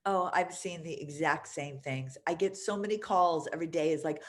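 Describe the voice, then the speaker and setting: Female host, deep for a woman, warm-hearted rambling questioner. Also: moderate pace, hardly any pauses. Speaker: podcast host. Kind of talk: conversational interview.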